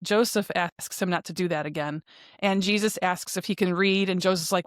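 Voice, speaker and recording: A woman's voice: lowish voice, normal speed, no room sound, studio quality. A woman co-hosting a podcast, casually recapping a TV episode in a chatty way, acting out quoted lines as she retells scenes. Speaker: podcast co-host.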